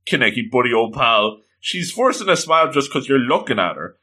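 Man putting on a brash young buddy, teasing and blunt, bright and bouncy delivery. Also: medium pitch, big pitch swings, fairly quick. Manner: loud, teasing, no filter.

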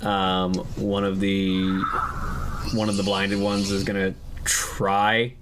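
Male game master, low voice, relaxed rules explainer, noisy recording. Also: takes it slowly. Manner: relaxed, explanatory rules talk with frequent restarts. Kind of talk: narrating a tabletop game. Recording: noisy home podcast recording.

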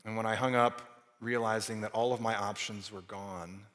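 A man preaching a sermon in an earnest way, his delivery moving between raised emphasis and hushed, quiet passages. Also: fairly low pitch, fairly even intonation, moderate pace. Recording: long hall reverb.

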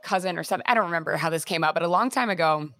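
A woman's voice: fairly low pitch, rapid-fire, pushed and bright, no echo, clean studio sound. A woman host and fitness instructor chatting casually, full of fillers and fond of analogies. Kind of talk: casual interview chat.

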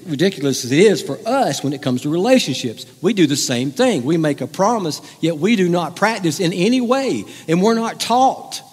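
A man's voice: sits high, husky. A man preaching a sermon in a conversational, joking way, teasing the congregation in a large church hall. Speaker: pastor.

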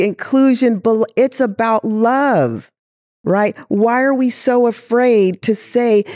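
Passionate woman guest talking w/ emphatic questions, warm low-ish tone. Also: dry recording, studio quality. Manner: impassioned, emphatic rhetorical questions. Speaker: guest, chief diversity officer. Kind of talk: interview conversation.

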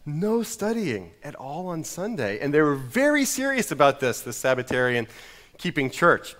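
A man's voice: a little high, very animated, moderate pace, fairly bright tone, long reverb tail. A middle-aged American man preaching a sermon, telling a story in a wry, self-mocking way. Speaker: pastor.

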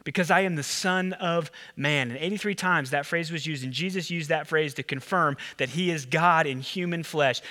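Male pastor, higher voice, sermon in a church hall with long reverb. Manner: animated, acts out the disciples and Jesus with rising pitch.

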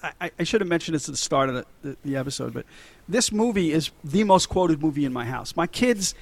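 A man's voice: a little high, expressive, quick pace. Laughing, swearing middle-aged man. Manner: laughs often, swears freely, retells scenes animatedly. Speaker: podcast co-host. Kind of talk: casual movie chat.

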